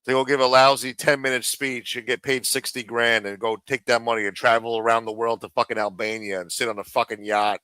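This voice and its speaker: A man's voice: mid-range voice, brisk, few pauses, smooth, no room sound. Cursing man ranting on a live show. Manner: profane, animated and sarcastic. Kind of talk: profane live-stream rant.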